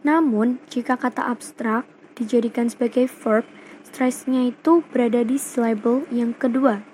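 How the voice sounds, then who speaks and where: A young woman from Indonesia with an Indonesian accent, reading a class presentation slowly and carefully, phrase by phrase. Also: a little high, fairly even intonation, a little mellow, a little hiss or hum, poor audio. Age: young adult. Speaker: student presenter. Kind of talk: read-aloud class presentation.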